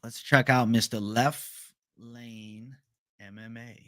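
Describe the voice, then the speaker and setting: A man's voice: mid-range voice, fairly even intonation, slow pace, fairly bright tone, no room sound, studio quality. A young man hosting a casual livestream, reading viewer questions aloud in a laid-back, profane bro manner. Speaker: livestream host.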